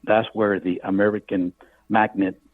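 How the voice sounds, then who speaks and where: Speaking at normal speed in a level, lowish tone, the older Cuban author spins a vivid tale for a radio interview, voicing characters in his quotes. There's no echo, just the tinny sound of a phone line.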